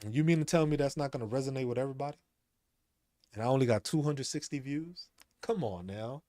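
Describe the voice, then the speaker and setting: A man's voice: medium pitch, quick pace, dark tone, no echo. A man talking casually as a streamer, rambling, repeating himself and laughing often. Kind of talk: casual monologue.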